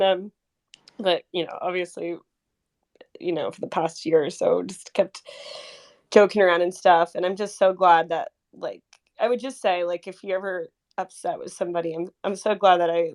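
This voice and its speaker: Lower-voiced woman reminiscing with fillers. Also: darkish tone. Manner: rambling, filler-heavy, emotional. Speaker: community member sharing memories. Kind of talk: casual conversation.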